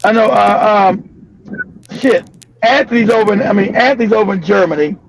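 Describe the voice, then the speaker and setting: An older man from California, hosting a live stream and telling a story loudly with profanity, laughter and bursts of shouting. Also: high voice, a little fast, vocal fry, breathy edge, dry recording. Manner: loud, profane, laughing, often breaks into shouting. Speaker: livestream show host. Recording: dull lo-fi stream audio.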